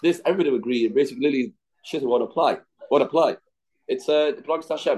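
A man's voice: medium pitch, quick pace, a little mellow, low-quality recording. Man teaching Talmud in repeated phrases. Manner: explains in short repeated phrases, asks rhetorical questions. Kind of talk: daily Talmud class.

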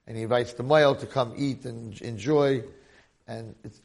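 A man teaching a Torah class, telling a long story with animated asides to his listeners. His voice is gravelly and of medium pitch. He talks directly to the room. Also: moderate pace.

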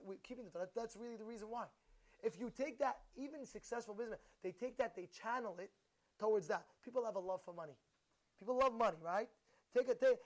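High-voiced man giving an animated sermon. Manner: animated storytelling, rhetorical questions to the audience. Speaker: rabbi.

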